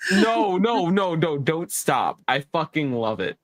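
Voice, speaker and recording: A man's voice: a little high, sing-song, takes it slowly, no echo. A laid-back man chatting casually on a live stream, cursing freely as he talks. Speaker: stream guest.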